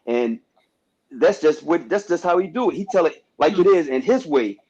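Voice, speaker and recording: A man's voice: on the high side, lively intonation, normal speed, a little mellow, slightly rough. A man talking on a casual panel discussion who keeps asking "you know what I mean" and restarts his phrases. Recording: dull lo-fi sound.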